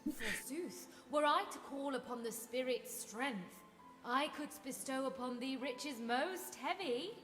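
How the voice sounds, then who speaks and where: A woman's voice: sits high, unhurried, fairly bright tone, long reverb tail, faint music behind. A woman voicing a foul-mouthed ancient female sword spirit in a video game, cranky and swearing, sometimes slipping into grand old-fashioned speech. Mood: grandly archaic.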